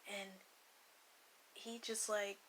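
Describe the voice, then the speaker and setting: Young woman, casual storytelling, rambling, profane, bright voice, faint hiss. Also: medium pitch, flat delivery, very slow, poor audio. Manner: profane, rambling, slips into whispers and laughs. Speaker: vlogger.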